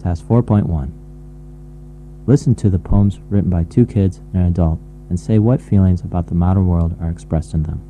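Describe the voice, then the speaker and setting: A man reading out unit titles and task instructions for an English course in a measured way. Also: low voice, warm tone. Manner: measured announcing of tasks. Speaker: course narrator. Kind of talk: scripted textbook narration. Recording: distant, hum-laden recording.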